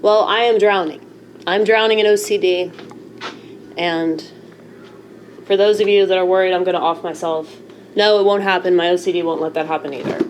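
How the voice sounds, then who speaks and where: Woman, vlogger, low voice, blunt, slightly profane, emotional, faint noise behind. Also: steady tone, moderate pace, long pauses, low-quality recording. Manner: blunt, frank and a little profane; emotional and self-mocking. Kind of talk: candid casual talk to camera.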